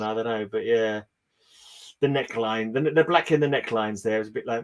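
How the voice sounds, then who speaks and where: A man's voice: fairly high pitch, fast talker. A man, chatting casually and jokily as a comic collector co-host and often restarting mid-sentence. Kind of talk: casual chat.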